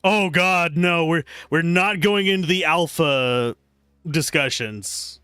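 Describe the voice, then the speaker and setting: A man's voice: a little high, takes it slowly, clean tone, no room sound, clean studio sound. A man casually commentating his game on a live stream, chatty and joking as he plays. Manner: animated, chatty, jokey asides. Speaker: streamer playing a video game.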